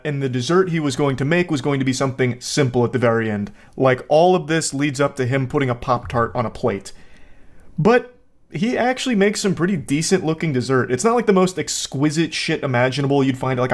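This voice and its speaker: A man giving comedic reaction commentary, sarcastic and incredulous, breaking into laughter often. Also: medium pitch.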